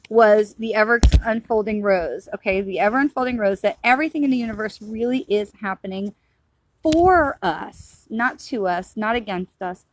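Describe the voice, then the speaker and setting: A woman's voice: on the high side, slight background noise. A middle-aged woman, a psychic medium, talking casually and earnestly in a rambling, reassuring way about spiritual matters. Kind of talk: casual spiritual talk to camera.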